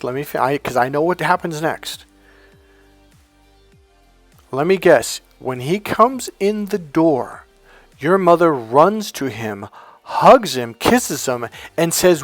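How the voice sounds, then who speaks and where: A man talking as a life coach, telling a story casually and acting out the dialogue with lively changes in voice. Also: on the high side, no room sound. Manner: animated, acts out quoted dialogue.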